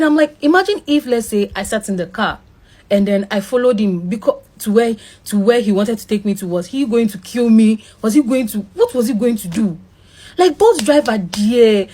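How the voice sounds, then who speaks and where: A woman's voice: mid-range voice, a little mellow. A young woman, telling how a driver threatened her, shaken and then indignant. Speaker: victim telling her story. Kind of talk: emotional personal account.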